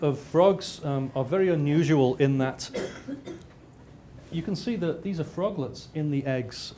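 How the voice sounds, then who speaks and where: A man's voice: mid-range voice, dark tone, a little hiss or hum. Man lecturing with dry humour. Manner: frequent restarts, dry self-mocking humour. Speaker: lecturer and researcher. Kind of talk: lecture with slides.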